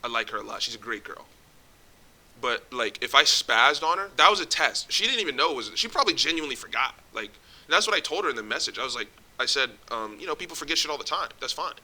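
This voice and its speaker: A man's voice: medium pitch, big pitch swings, quick pace, bright, forceful tone, rough recording. A young man giving blunt, profanity-heavy relationship advice in casual vlog talk, full of street slang. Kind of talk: casual direct-to-camera advice.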